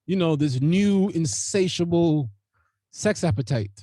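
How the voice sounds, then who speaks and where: High-voiced man in casual podcast banter. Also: lively intonation, unhurried, mellow, no echo, clean studio sound. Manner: profane, laughing, loose slang. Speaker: podcast host.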